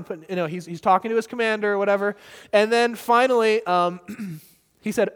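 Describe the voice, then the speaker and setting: A man's voice: high-pitched, fairly quick, smooth, long reverb tail. A man from the United States telling a story casually, full of fillers and frequent laughter. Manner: animated, laughs often, many fillers. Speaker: missionary storyteller.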